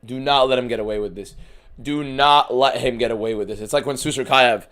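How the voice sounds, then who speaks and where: Guy on a fight watch stream, casual and swearing, yells then grumbles low. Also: brisk. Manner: swings from shouting to muttering, profane. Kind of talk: casual live fight commentary.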